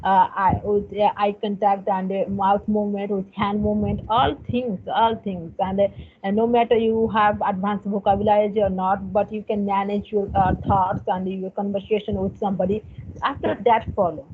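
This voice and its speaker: Halting woman on a tinny line. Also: mid-range voice, little pitch movement. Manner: halting, many fillers and repeated words. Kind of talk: casual conversation practice. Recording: tinny phone line with faint noise.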